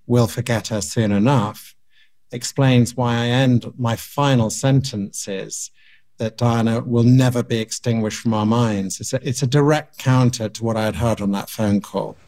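Man, radio interview guest, measured and reflective, mid-pitched voice, stops and restarts now and then. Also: darkish tone. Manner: measured, thoughtful, with small restarts.

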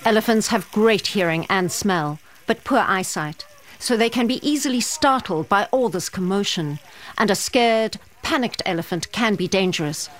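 A woman narrating a news report in a measured, scripted way. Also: medium pitch, expressive. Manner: measured, clear storytelling.

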